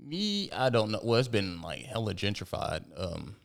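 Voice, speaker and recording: A man, co-hosting a casual podcast chat, telling loose, profane, animated stories. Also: on the low side, moderate pace, vocal fry. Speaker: podcast co-host.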